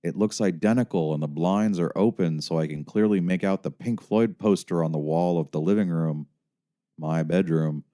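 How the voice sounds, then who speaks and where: A man's voice: deep voice, warm tone. A young man narrating his own story in the first person as an audiobook, wry, weary and sardonic. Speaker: author and narrator.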